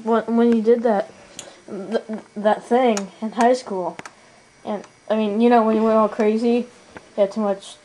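A woman in improvised toy role-play, teasing in a rambling, halting way with many restarts. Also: on the high side, fairly even intonation, dark tone, slight background noise, poor audio. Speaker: toy puppeteer and co-player.

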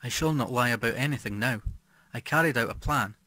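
A man's voice: mid-range voice, fairly quick, pushed and bright, no room sound. A man voicing Martha, a cold prim wife. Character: calm, cold middle-aged wife who poisons.

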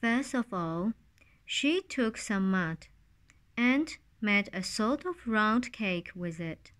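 Woman reading a kids story really slow, calm storybook voice, medium pitch. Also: clear, resonant tone.

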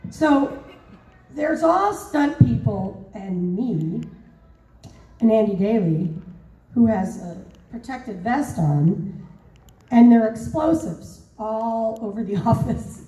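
A woman voice actor telling stories at a convention panel, animated and laughing, with many fillers. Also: a little high, takes it slowly. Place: large convention hall. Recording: roomy hall, mic far off.

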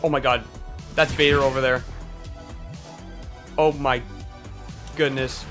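A man's voice: mid-range voice, fairly even intonation, fairly bright tone, soft background music. A young man giving hyped, exclamatory commentary over his own gameplay as a gaming video host. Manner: hyped, exclamatory, quick asides. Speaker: gaming YouTuber.

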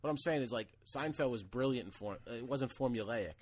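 A man's voice: mid-range voice, brisk, a little mellow. A man co-hosting a podcast, talking in a casual, rambling way, full of "like" and "you know what I mean", swearing now and then. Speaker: podcast co-host. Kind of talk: casual chat. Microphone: camera, video call.

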